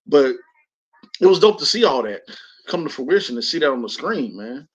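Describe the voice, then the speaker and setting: A man's voice: mid-range voice, sing-song, moderate pace, husky. A man as a guest in a casual film discussion, laid-back and hesitant with many fillers. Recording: slightly dull lo-fi sound.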